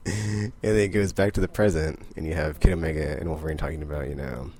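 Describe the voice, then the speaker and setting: A man's voice: extremely low pitch, fairly even intonation, fast, mellow. A man casually recapping comic books, rambling and full of "like". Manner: rambling, heavy use of "like". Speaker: comic book vlogger.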